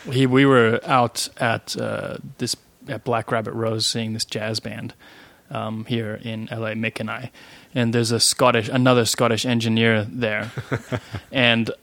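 A man's voice: medium pitch, level tone, unhurried, vocal fry, few pauses, fairly bright tone, no echo. A man with a mid-range voice who rambles through casual stories on a podcast, stopping to restart his sentences. The sound is dry and close to the mic. He grew up in South Africa. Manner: rambling, self-correcting storyteller. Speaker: podcast co-host, band member. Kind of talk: casual storytelling chat.

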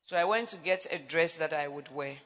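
A deep-voiced woman preaches briskly, her sermon weaving personal stories into emphatic declarations. Her storytelling is animated and builds to those declarations, with a long reverb tail trailing her words.

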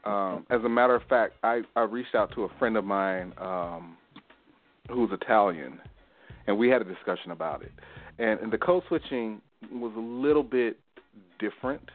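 A man co-hosting a casual panel talk show, telling anecdotes in a lively storytelling way. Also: on the low side, normal speed. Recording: tinny phone-like line.

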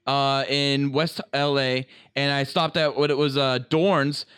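A young man co-hosting a podcast, telling a story in casual chat, animated and swearing, acting out voices. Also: mid-range voice, unhurried, smooth, dry recording. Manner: swears a lot, laughs while telling. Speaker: podcast co-host.

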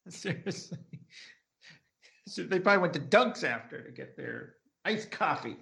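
A man's voice: on the high side, measured pace, gravelly. A man, chatting casually as a podcast co-host and acting out scenes as he retells them. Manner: animated, acts out characters' lines while retelling scenes. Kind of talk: casual chat recapping a TV episode.

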